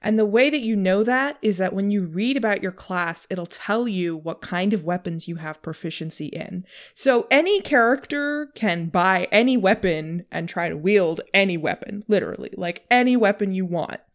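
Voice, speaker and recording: A woman's voice: medium pitch, normal speed, few pauses. A woman co-hosting a podcast, casually explaining tabletop game rules in a conversational way. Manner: conversational, with frequent "like" and laughs. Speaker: co-host.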